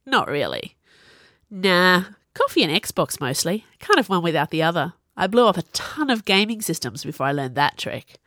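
A woman's voice: on the low side, sing-song, moderate pace, sharp tone, no echo. Woman doing a chill teasing young drummer dude, audiobook, dry sound. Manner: easygoing, teasing. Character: cocky young male drummer mage.

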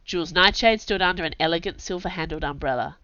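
A woman's voice: lowish voice, quick pace, sharp tone, dry recording, dull audio. Wry woman narrating a novel. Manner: wry, sardonic storytelling. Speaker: audiobook narrator. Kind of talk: first-person novel narration.

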